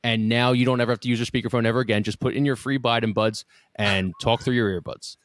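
A man's voice: mid-range voice, fairly even intonation, quick pace, dry recording, studio quality. A man from the Philadelphia area co-hosting a podcast, riffing and joking in casual chat with restarts. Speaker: podcast co-host.

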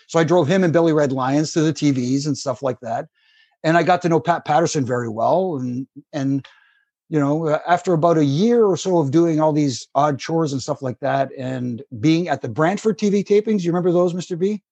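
A man's voice: fairly high pitch, fairly quick, dry recording. A middle-aged man, a former wrestling referee telling rambling anecdotes as a guest. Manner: rambling, animated anecdotes with acted quotes. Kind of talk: casual storytelling.

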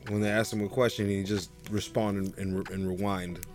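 A man co-hosting a podcast in relaxed, joking chat. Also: fairly low pitch, fairly quick, over music. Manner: laid-back, joking, chuckles between lines. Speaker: podcast co-host.

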